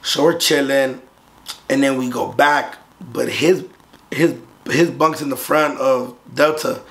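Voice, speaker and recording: A young Southern California man with a mid-range voice takes his time as he casually tells a story for his vlog. He's profane and animated, swearing freely and acting out the voices of the other people involved.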